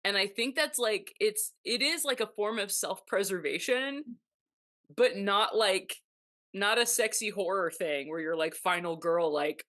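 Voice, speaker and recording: Chatty bright-voiced woman podcast host. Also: mid-range voice, unhurried. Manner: chatty, full of "like" and quoted asides. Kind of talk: casual chat.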